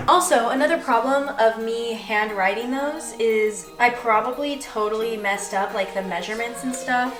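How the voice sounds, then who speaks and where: A young woman chatting casually and self-deprecatingly while she bakes in her kitchen, rambling as she goes. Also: on the high side. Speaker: vlogger. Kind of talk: casual baking vlog chat. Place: home kitchen. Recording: roomy kitchen, mic at a distance.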